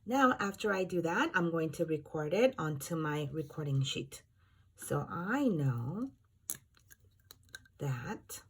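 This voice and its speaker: A woman teaching young children in a slow, deliberate way, spelling out each step and counting objects aloud. Her voice sits a little low and she sometimes slips into a sing-song classroom chant. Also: slightly rough. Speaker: kindergarten teacher. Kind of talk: classroom math lesson.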